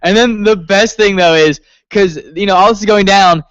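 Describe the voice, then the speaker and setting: Man co-host, slightly high smooth voice, excitable, swears a lot, dry dull recording. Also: moderate pace, no echo. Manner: excitable, swears often, laughs while telling. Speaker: podcast co-host. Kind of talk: casual wrestling review chat.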